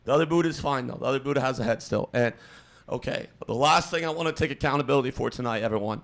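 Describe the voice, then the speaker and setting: A man hosting a livestream, giving a halting mock apology with many fillers and restarts in a deadpan, fake-emotional tone. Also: mid-range voice, vocal fry. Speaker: streamer host.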